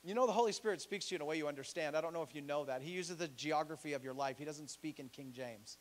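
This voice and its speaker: A male pastor preaching a sermon in a church, animated and joking, acting out the voices he quotes. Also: on the high side, quick pace, a little hiss or hum.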